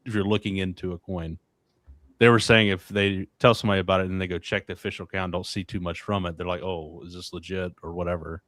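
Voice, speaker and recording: A man hosting a casual livestream, talking in a relaxed, halting way with many fillers. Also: low-pitched, dry recording. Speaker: livestream host.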